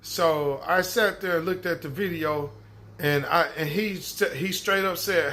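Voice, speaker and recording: A man riffing in casual commentary on his own channel, his voice sitting a little above the usual male pitch. He talks bluntly and loops back over the same points. He cusses freely in open exasperation. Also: moderate pace, sharp tone. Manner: repetitive, blunt, cussing and exasperated.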